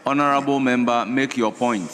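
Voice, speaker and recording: A man's voice: mid-range voice, fairly even intonation, moderate pace, fairly bright tone. Firm man chairing parliament. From Ghana. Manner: firm, directing. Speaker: speaker of parliament. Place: large parliament chamber. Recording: reverberant parliament chamber.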